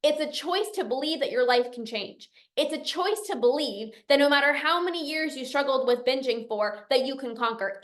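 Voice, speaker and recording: A young woman with a high voice, a coach and podcast host, gives a heartfelt motivational talk and reads out comments from members. She is earnest, sometimes nearly emotional, and repeats phrases to drive her points home.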